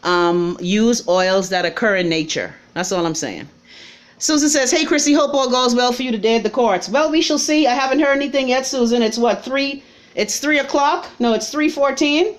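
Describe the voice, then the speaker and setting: A woman's voice: a little high, normal speed. A middle-aged woman from the Bahamas with a Bahamian accent, hosting a casual live stream and reading viewer comments in a blunt, sassy, chatty way.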